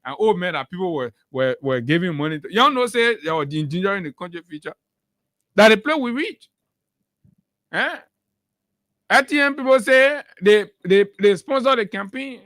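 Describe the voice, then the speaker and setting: A man's voice: high voice, expressive, moderate pace, a bit bright, no room sound, clean studio sound. A man with a Liberian accent giving heated, emphatic political commentary on a morning talk show, repeating phrases for force.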